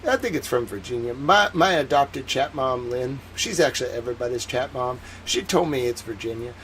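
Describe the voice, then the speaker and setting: A man talking with a put-on Southern accent, hosting a casual livestream in a rambling, soft-spoken way full of fillers. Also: mid-range voice, lively intonation, brisk, slight background noise, poor audio. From Massachusetts. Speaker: livestream host.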